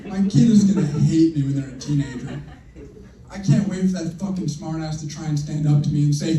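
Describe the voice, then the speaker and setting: A young man performing a stand-up routine with deadpan, crude punchlines. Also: a little high, fairly quick. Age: young adult. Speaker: stand-up comedian. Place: comedy show venue with audience. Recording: roomy, distant, faint noise.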